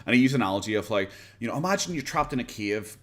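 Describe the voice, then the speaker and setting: An Irish man hosts a laid-back reaction livestream from home with pets close by, talking into a USB condenser mic on his desk. His mid-range voice is fairly bright and expressive, and he speaks very fast. He rambles and chats, laughing a lot and swearing casually.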